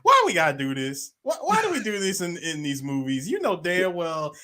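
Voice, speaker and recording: Man, bright sharp tone, lively pitch, playful mock-serious, podcast. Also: moderate pace. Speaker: podcast co-host. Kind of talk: casual comedic movie chat.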